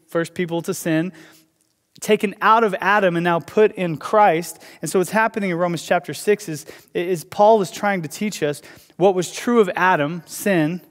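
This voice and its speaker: A man preaching a sermon as pastor, talking conversationally with quick asides and restarts. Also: high voice. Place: church auditorium. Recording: long hall reverb.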